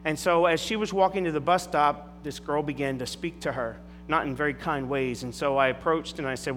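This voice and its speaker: A man's voice: fairly high pitch, fairly quick, few pauses, a little hiss or hum. A middle-aged man preaching a sermon as a pastor, telling stories with emphatic asides. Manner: animated storytelling with emphatic asides. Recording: long hall reverb with faint music.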